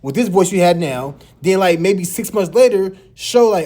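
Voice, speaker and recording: A man with a small, high voice hosting a reaction video, teasing and laughing as he comments. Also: lively intonation, normal speed, dark tone. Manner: high light voice.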